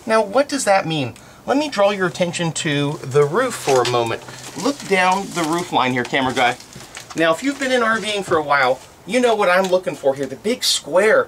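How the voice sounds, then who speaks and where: A man's voice: high-pitched, big pitch swings, moderate pace, fairly bright tone, slight background noise. A man giving an upbeat, folksy sales walkaround of a motorhome on a sales lot.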